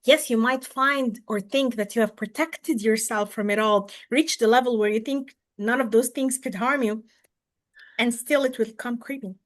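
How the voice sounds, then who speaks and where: A woman hosting a podcast over a video call, her voice sitting a little high. She talks casually and animatedly, dropping to a hush and then bursting loud as she acts out what others said. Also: normal speed. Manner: animated, swings between soft and loud, acts out quotes. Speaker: podcast host.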